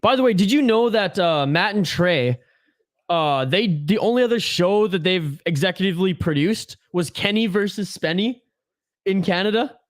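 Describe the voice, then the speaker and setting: A man with a rather high voice chats casually on a livestream, joking and reading out comments from his viewers. The sound is dry and close, with no room echo. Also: lively intonation, moderate pace. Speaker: host of a hockey watch-along livestream.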